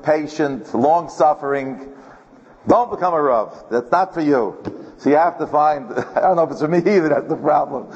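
A man's voice: mid-range voice, a little mellow. A man teaching a Torah class as a rabbi, telling a personal story in a chatty way, often repeating words and chuckling. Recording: dull recording in a reverberant hall.

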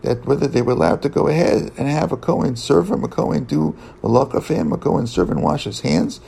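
A man teaching a Talmud lesson in a halting way, restarting his sentences often and mixing English with Hebrew and Aramaic terms. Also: on the high side, lively intonation, creaky, dark tone, slightly rough, low-quality recording. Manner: halting, with many restarts and fillers. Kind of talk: Talmud study lecture.

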